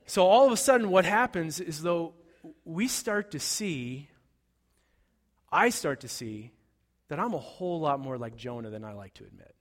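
A man's voice: fairly high pitch, expressive, normal speed, long reverb tail. A man preaching a sermon, telling a story in a conversational way and acting out the quoted lines. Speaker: pastor.

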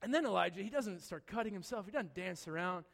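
A man with a high, light voice preaching to a congregation. He tells the story with playful humor, dropping to a quiet hush and then rising to loud excitement. His words ring out with the long echo of a large hall. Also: fast, vocal fry. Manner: animated storytelling with humor, voice swinging from soft to loud. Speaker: pastor. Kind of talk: sermon.

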